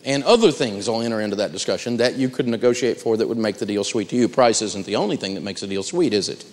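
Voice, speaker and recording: A man giving a live seminar talk on negotiating, telling stories with animated delivery and acting out the quotes. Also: on the low side, quick pace, big-room sound. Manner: animated storytelling, acts out quotes. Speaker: negotiation speaker.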